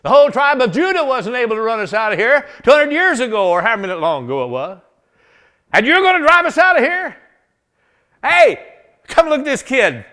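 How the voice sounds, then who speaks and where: A man putting on scornful jeering wall defenders, shouting high and loud, mocking and laughing, sermon storytelling. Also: sing-song, slow, pauses often, heavily acted. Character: jeering male Jebusite defenders, mocking a boy.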